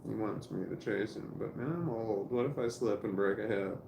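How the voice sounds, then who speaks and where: A gravelly, fairly low-voiced man in his fifties, rambling to himself and the camera at home. His voice bounces around an echoey room, and a steady background noise sits under his voice. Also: moderate pace, distant mic. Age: 50s. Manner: rambling, self-talking, mumbled asides. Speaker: vlogger. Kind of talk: casual talk to camera. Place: at home indoors.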